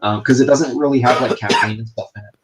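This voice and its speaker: A man's voice: medium pitch, steady tone, fast, very noisy. A man co-hosting a casual stream, telling rambling anecdotes full of fillers and restarts. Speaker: podcast co-host. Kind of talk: casual chat, storytelling.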